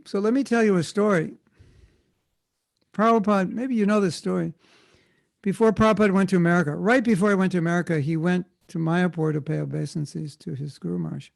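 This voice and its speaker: A man's voice: high voice, steady tone, a little fast, creaky, no room sound. A man speaking as a guest at a temple, answering a question with informal storytelling and frequent self-corrections. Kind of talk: conversational spiritual talk answering a question.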